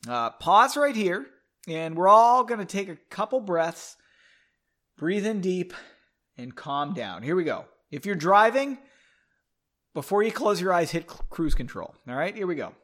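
A man reads a book aloud in a loose, casual way, sipping whiskey and breaking off into rambling asides full of curses. His voice sits a little high and swings widely in pitch. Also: very animated, measured pace, fairly bright tone. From United States. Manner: rambling, swears and comments between passages. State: drinking whiskey. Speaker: reader of a book.

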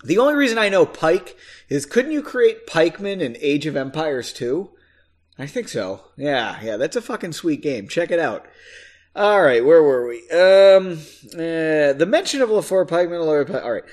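A man's voice: on the high side, very animated, moderate pace, darkish tone. A man reading his own book aloud in a casual way, breaking off for chatty, self-mocking asides and casual swearing.

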